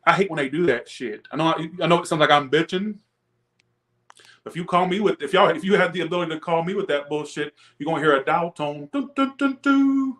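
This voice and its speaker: A man's voice: a little high, fast talker, fairly bright tone. Profane, ranting male tarot reader. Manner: chats with viewers, laughs often. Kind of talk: live-stream tarot reading.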